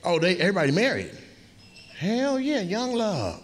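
On a comedy club stage, a male stand-up comedian does crowd work, brashly and profanely teasing audience members while they laugh. His high voice swings hugely in pitch at a moderate pace. The live club audio is full of loud crowd laughter.

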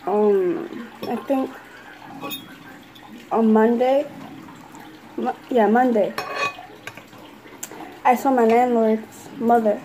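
Young woman vlogger, casual rambling chat, a bit high-pitched, faint hiss behind. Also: steady tone, very slow, pauses often, dark tone, rough recording. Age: young adult. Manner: rambling, filler-heavy storytelling.

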